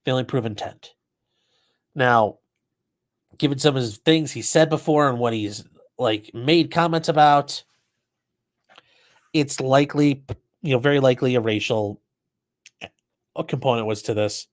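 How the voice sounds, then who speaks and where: A man hosting a live commentary stream, reading chat questions aloud and answering off the cuff. His voice sits at an ordinary middle pitch, and his manner is blunt, chatty and freely profane. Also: a little slow, pauses often. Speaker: livestream host commenting on a trial.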